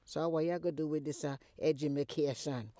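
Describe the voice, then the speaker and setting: Woman playing a loud scolding Jamaican mother. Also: low-pitched, fairly even intonation, fairly quick, no room sound, studio quality, lightly acted. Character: scolding Jamaican mother mocking her posh daughter. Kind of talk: comedy skit.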